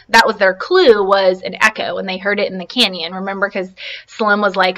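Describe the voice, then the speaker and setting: A woman teaching a reading lesson online from her laptop, talking in a chatty and encouraging way. Her voice is bright and crisp, at a middle pitch. She often pauses to check in with her students. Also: steady tone. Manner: chatty and encouraging, full of fillers and questions.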